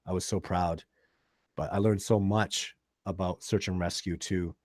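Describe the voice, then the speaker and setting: A Canadian man hosting a live stream and answering viewer questions in a relaxed, chatty way. His voice sits fairly low and has a mellow, dark tone. He swings between bursts of loud excitement and soft, thoughtful asides, recorded close and dry with no room sound. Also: a little slow, dry recording. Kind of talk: casual live-stream chat.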